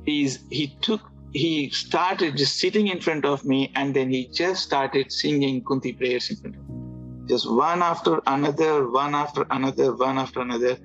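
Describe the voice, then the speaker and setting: Male guest, halting storyteller, middle pitch, dull lo-fi recording with faint music behind. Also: a bit bright. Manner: halting, with restarts and filler words. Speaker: guest telling his conversion story. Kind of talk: casual storytelling.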